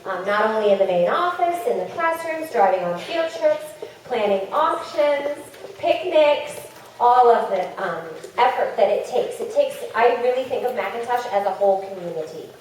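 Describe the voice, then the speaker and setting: A woman from the school staff hosts a ceremony, speaking in a halting way full of ums and pauses. Her voice sits a little high and carries from far off through a big, booming hall. Noise hangs behind her throughout. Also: animated, a little mellow. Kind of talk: ceremony announcements. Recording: echoey hall from far off, noisy.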